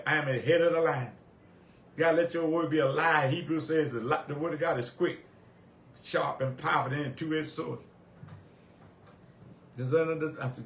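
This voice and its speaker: Echoey man preaching with rising fervor. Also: fairly high pitch. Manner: swings between quiet reflection and loud rising exhortation; repeats phrases, quotes scripture in old wording. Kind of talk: sermon. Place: church sanctuary. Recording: echoey church room.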